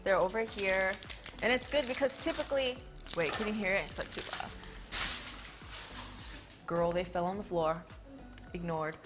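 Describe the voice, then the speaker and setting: A woman's voice: mid-range voice, normal speed, over music. A young woman hosting a casual livestream product demo in a studio, talking chattily and playfully through a clip-on mic. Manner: chatty, filler-heavy, playful. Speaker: livestream host.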